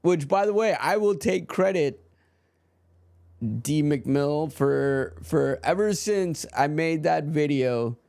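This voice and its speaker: A man's voice: on the high side, slow pace, gravelly, darkish tone, clear, resonant tone. A man streaming live, chatting casually about football with his viewers while he codes. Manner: rambling, talks to chat while coding.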